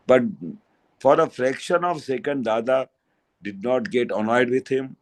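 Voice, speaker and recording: An older man with a Gujarati accent giving a spiritual satsang talk, telling anecdotes in a halting way with fillers and restarts. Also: mid-range voice, low-quality recording. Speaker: spiritual speaker.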